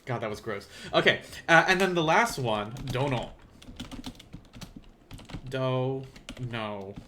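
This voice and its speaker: Slow and given to long pauses, this Southern-accented language teacher has a mid-range voice with a sharp tone. He rambles through a casual live-streamed lesson, thinking aloud and being self-deprecating. Keyboard typing and a faint hiss or hum sit in the background.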